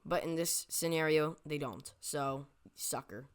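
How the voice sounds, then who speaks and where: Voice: medium pitch, a little slow, clear, resonant tone. A voice narrating a made-up map scenario in a casual, rambling way, often stopping to correct itself and tossing in jokey asides. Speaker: map video creator.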